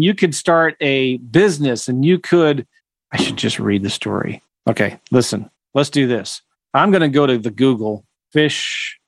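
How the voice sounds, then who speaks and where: A man's voice: medium pitch, no room sound. A man coaching real estate on a livestream, rambling with self-deprecating asides while reading a story aloud to viewers.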